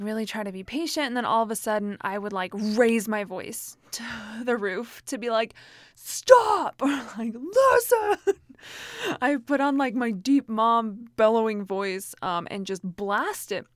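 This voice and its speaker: A woman's voice: medium pitch, no room sound, studio quality. A woman in her thirties giving casual self-help advice, chatty and full of fillers and restarts. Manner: chatty, many fillers and restarts, frequent laughs.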